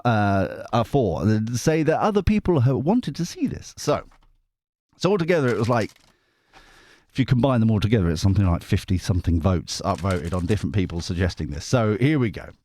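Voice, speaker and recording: Male tarot host, rambling and lively, pitch jumping around, dry close sound. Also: no room sound. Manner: rambling, animated, with many restarts and asides. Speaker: tarot reader, channel host. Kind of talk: casual monologue before a card reading.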